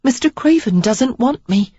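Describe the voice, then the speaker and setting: A woman's voice: on the high side, expressive, normal speed, mellow, slightly rough, no room sound, pitched above the performer's own voice. A narrator voicing a refined young woman, wry and composed, in a novel reading. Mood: rueful. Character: prim young gentlewoman, wry and curious. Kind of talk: audiobook character reading. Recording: dull lo-fi dry recording.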